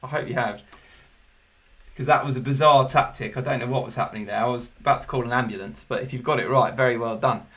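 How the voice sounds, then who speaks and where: A man hosting an online pub quiz, chatty and jokey with loud bursts of excitement. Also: mid-range voice, fast. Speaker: quiz host.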